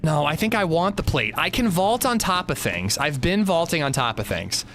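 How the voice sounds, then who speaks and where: A man's voice: fairly high pitch, big pitch swings, normal speed, fairly bright tone. A man streaming a game live, nervously talking himself through a tense climb. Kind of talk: live gameplay commentary.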